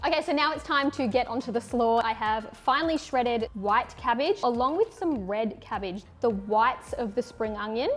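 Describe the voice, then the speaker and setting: A woman's voice: on the high side, a bit bright. A woman, a chef talking through a recipe and giving direct tasting critiques in an upbeat way. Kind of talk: casual cooking demo.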